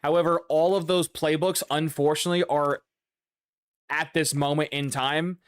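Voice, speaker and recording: Excitable young man commentating a game. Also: on the high side, clear, resonant tone, no echo. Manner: excitable, swears, loud outbursts. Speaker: gaming YouTuber. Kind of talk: casual gameplay commentary.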